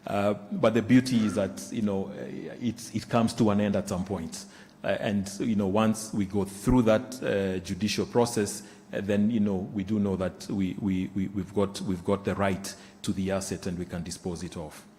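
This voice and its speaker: A man walks through financial results in a somewhat low voice. He pauses often, restarts phrases and fills gaps with "uh" and "um." The sound carries the long reverb of a large conference hall. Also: fairly even intonation, mellow, a little hiss or hum. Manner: halting, many fillers and restarts. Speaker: bank executive presenting results. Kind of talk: results presentation. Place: conference room.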